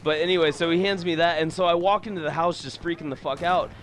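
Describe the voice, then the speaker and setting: A young man tells stories over gameplay in a casual, rambling way, swearing often and relying on fillers. His fairly high, fairly bright voice is fast and steady in tone, with a little hiss or hum in the recording.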